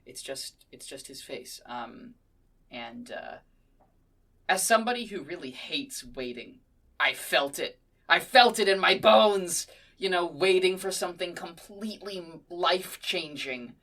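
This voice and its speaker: A woman's voice: sits low, expressive, a little slow, a bit bright, recorded from a distance. A woman co-hosting a podcast in casual chat, playful, swearing freely and laughing often. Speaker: podcast co-host.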